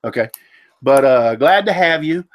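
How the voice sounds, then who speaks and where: A man with a cold hosts a casual live stream, his voice sitting at a middle pitch. He rambles through fillers and keeps fumbling names. The sound is dry and close to the mic. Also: animated, unhurried, no echo. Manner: rambling, stumbles over names, frequent fillers. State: congested, recovering from a cold. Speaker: host of a woodworking live show.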